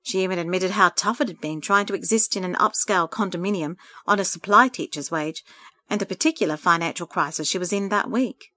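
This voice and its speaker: A woman narrating a story aloud in a calm, steady reading voice. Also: fairly low pitch, brisk.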